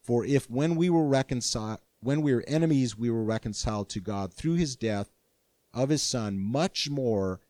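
An older man preaching a sermon as pastor, earnest and animated, with frequent restarts. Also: mid-range voice, normal speed, no echo.

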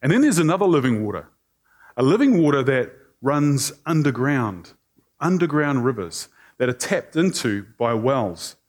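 A male preacher giving a conversational sermon, animated and joking with the congregation. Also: medium pitch, moderate pace.

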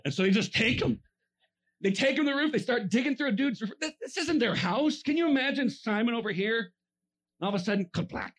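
Lively, high-voiced male preacher. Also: brisk. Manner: lively, acts out characters with silly voices, laughs often. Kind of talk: animated sermon storytelling.

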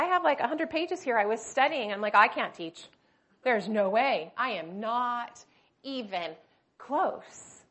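A woman's voice: medium pitch, a bit bright. A middle-aged woman teaching a women's Bible study, telling a personal story with feeling and frequent restarts.

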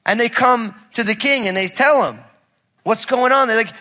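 A male pastor preaching a sermon to a congregation, telling a personal story and building to loud, emphatic preaching. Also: very high-pitched, moderate pace. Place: church sanctuary with congregation. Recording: long reverb of a large hall.

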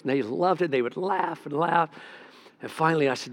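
An older man, a pastor, preaching a sermon in a folksy storytelling way, dropping soft and then rising emphatic. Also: on the high side, fast talker.

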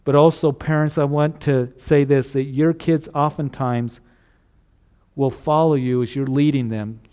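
A man preaching a sermon, earnest and steady, repeating key phrases and dropping to a hush on solemn lines. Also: mid-range voice, measured pace, clean tone. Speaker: pastor.

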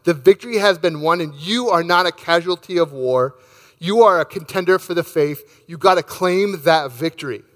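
A man's voice: on the high side, normal speed, in a large hall. A man preaching a sermon, reading scripture aloud and speaking emphatically to his congregation. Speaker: pastor.

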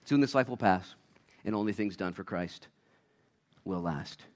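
A man preaching a sermon as a pastor, acting out little voices, swinging between loud shouts and quiet asides. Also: low-pitched, measured pace.

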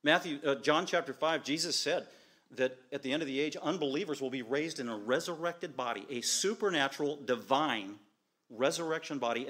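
A man's voice: mid-range voice, moderate pace, a bit bright. A man preaching a sermon as pastor, driving home his points with repeated short, emphatic declarations.

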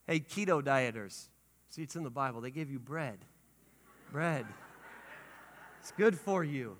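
A male pastor preaching a sermon with lively energy, rising to shouts and dropping to hushed tones. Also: medium pitch, unhurried, slight background noise. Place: church sanctuary. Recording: long hall reverb.

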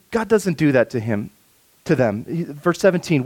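Here's a pastor with children of his own, speaking a bit high as he preaches with plenty of expression. Gentle, unhurried scripture reading gives way to rising emphasis.

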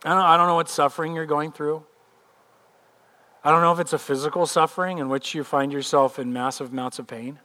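A male pastor preaching a sermon, telling a scene vividly and then speaking earnestly and personally. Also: mid-range voice. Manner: animated storytelling, vividly retelling a scene; earnest and personal when turning to his own life.

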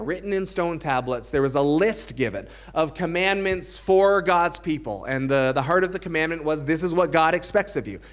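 A man preaching a sermon as a pastor, earnest, building to emphatic points, with dry self-aware humor. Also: a little high.

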